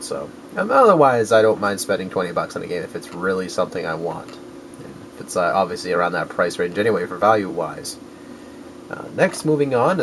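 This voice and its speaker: Over some background noise, a deep-voiced man vlogs casually about the finds in his video game collection. He rambles, corrects himself often, and throws in crude jokes.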